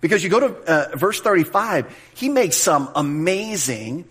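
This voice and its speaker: A pastor preaching a verse-by-verse sermon in a conversational way, often restarting words and slowing down to stress key phrases. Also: male voice, on the high side, lively intonation, fairly bright tone, slightly rough. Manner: conversational, repeats words at restarts, slows for emphasis. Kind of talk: expository sermon.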